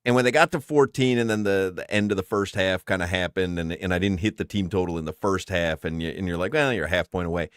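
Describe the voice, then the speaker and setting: A male sports radio co-host with a lowish voice, talking in a relaxed, wry way. The studio sound is dry. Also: quick pace, few pauses, clear, resonant tone, no room sound.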